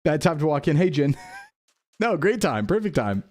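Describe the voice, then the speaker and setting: A man's voice: a little high, sing-song, moderate pace, darkish tone. A young man rambling through casual gameplay commentary, jokey and self-mocking. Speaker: streamer.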